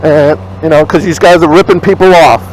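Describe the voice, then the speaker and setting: A man with a slightly high voice tells a rambling story while riding his motorcycle through town. He's blunt and swears freely, acting out both sides of an old argument. Faint road and traffic noise runs underneath. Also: fairly even intonation, fairly quick, low-quality recording. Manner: blunt, profane, retells arguments in quotes. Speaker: motorcycle vlogger. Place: riding a motorcycle on city streets outdoors. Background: faint street and traffic noise.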